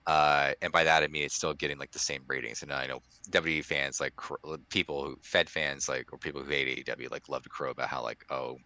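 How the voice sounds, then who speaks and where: A man's voice: very deep voice, fairly even intonation, quick pace, gravelly, few pauses, bright, forceful tone, dry recording. A man co-hosting a podcast in casual chat, rambling with many restarts and fillers. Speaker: podcast co-host.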